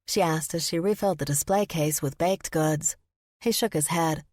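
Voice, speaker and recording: A woman narrating a first-person audiobook, expressive in the character's flustered lines. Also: sits low, moderate pace, no echo, studio quality.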